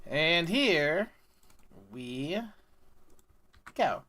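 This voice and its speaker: A streamer reacts to a text adventure in a crude, offhand way. The talk is slow and unhurried, at a middling pitch. The voice sounds somewhat distant and thin. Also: sing-song, pushed and bright. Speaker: streamer playing the game. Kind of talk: casual live-stream reactions.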